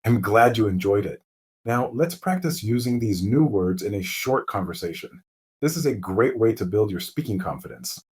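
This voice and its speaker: A man narrating a mystery story slowly and clearly as host of a lesson for English learners. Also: lowish voice. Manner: calm, clear, deliberate.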